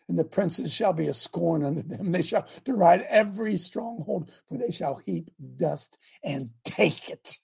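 A man hosting a preaching broadcast, reading scripture aloud and breaking into fiery, animated asides. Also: high voice, measured pace, gravelly, breathy edge. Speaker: radio preacher host.

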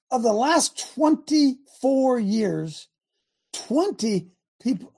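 Male radio host, gravelly and husky, fervent and preachy. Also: high voice, mellow. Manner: fervent, preachy, rhetorical questions. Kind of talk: call-in talk radio.

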